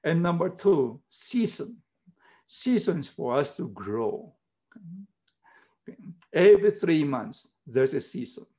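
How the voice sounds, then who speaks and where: A man's voice: on the high side, big pitch swings, takes it slowly, pauses often, mellow. A middle-aged man preaching a sermon in earnest, emphatic, simple English, repeating his key words. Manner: non-native English, simple phrasing.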